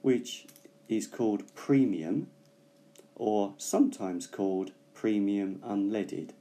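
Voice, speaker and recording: A man explaining English words in a casual language lesson, pausing often and thinking aloud. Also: on the low side, lively intonation, dark tone. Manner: slow, thoughtful, with many pauses and fillers. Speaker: English teacher.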